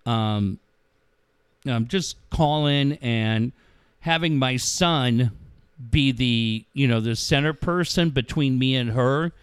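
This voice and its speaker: Speaking slowly in a mid-range voice, this middle-aged sports radio co-host spins stories in casual chat, acting out quotes and swearing often. His tone is clean, with no echo.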